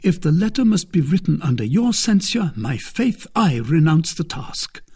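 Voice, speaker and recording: A man voicing a hot-headed young male swordsman who speaks impatiently and emphatically, with a husky tone. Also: fairly high pitch, very animated, normal speed, darkish tone, voice pushed up, exaggerated voice.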